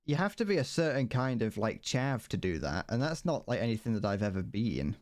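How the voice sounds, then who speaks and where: A British man talks casually on a livestream as he works on a model kit. He rambles, restarts his sentences, and laughs often. His pitch sits mid-range but swings widely and animatedly. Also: big pitch swings, brisk, a little mellow. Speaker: streamer.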